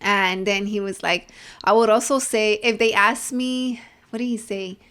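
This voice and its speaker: Brief: woman, podcast co-host, chatty storyteller, mid-pitched casual delivery. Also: steady tone, unhurried, fairly bright tone. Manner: talkative, storytelling with lots of "like" and "right?". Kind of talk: casual chat.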